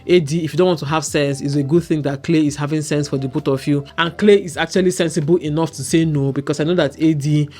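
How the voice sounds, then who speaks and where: A woman with a Nigerian accent, hosting a casual commentary show in an animated, opinionated way and often checking in with "okay?". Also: deep voice, fast, few pauses, faint music behind. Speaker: show host.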